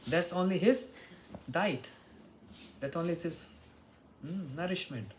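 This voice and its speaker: A man's voice: fairly high pitch, a little slow, slight background noise, poor audio. A man giving a devotional morning lecture, telling stories and chanting verses. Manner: storytelling, chants Sanskrit and Bengali verses. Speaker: spiritual teacher.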